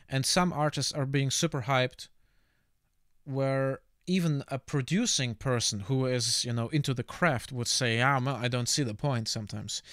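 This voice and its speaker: A man with a Russian accent muses out loud while he draws on stream. He stops now and then to hunt for the right word. His voice is smooth and resonant at an ordinary middle pitch, and it sits dry and close to the mic. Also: no room sound. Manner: halting, often stops to search for words; relaxed, reflective, laughs easily. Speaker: art streamer. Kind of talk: casual chat while drawing on stream.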